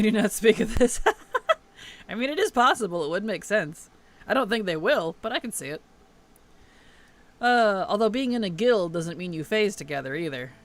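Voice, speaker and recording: A man's voice: a little high, a bit bright, slight background noise. A man streaming a game, chatting casually, laughing often and greeting his chat as he plays. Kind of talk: casual gaming livestream chat.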